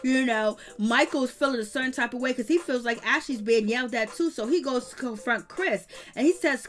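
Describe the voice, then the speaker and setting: A woman's voice: fairly high pitch, brisk, few pauses. A woman giving blunt, slangy, scolding commentary on reality TV. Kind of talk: casual commentary.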